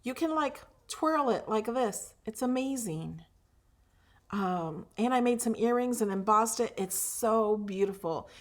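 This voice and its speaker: A woman's voice: a little high, unhurried. Gushing woman hosting a craft livestream. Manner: chatty and gushing, with fillers and restarts. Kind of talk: casual livestream chat.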